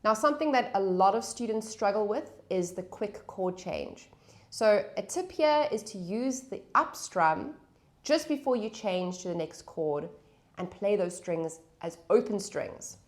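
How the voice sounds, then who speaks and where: Patient woman teaching guitar, slow-paced. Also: mid-range voice, expressive. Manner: patient, counts beats aloud over strumming. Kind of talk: guitar lesson with counting and chord calls. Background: acoustic guitar playing.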